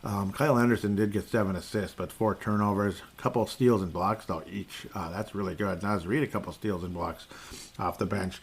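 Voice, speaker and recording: Guy doing a sports recap podcast, lowish voice, sarcastic, rambles and laughs a lot. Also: fairly quick, slightly rough. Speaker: podcast host.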